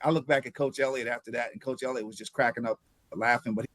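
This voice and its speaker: A man in his fifties from Ohio, a former pro football player recounting his journey as an interview guest, with animated telling and frequent repeated words. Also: mid-range voice, quick pace, dry recording. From Ohio, USA. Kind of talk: interview storytelling.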